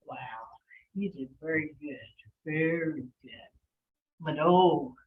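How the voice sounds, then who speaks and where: A woman language teacher leading an online class, patiently calling on students and gently correcting their pronunciation. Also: sits low, slow. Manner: patient, encouraging, calls on students by name. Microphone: video call. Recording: lo-fi video call audio.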